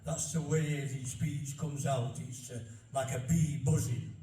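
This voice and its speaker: A man's voice: medium pitch, steady tone, unhurried, dark tone, a little hiss or hum. An older man with a Barnsley Yorkshire accent giving a chatty talk to an audience, folksy and anecdotal, repeating himself as he goes. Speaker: local speaker on dialect. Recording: roomy hall from far off.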